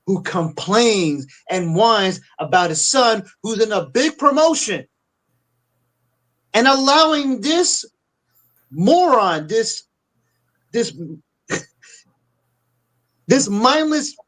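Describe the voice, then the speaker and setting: A man's voice: very high voice, sing-song, very slow, pauses often, fairly bright tone, poor audio. A middle-aged man on a wrestling podcast, ranting angrily and swearing freely. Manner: angry, profane ranting. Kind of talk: casual angry rant.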